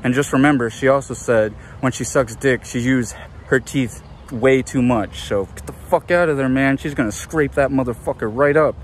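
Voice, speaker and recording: A man's voice: mid-range voice, normal speed, slight background noise. A man hosting a casual, profane, rambling movie review outdoors. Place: outdoors in an urban area.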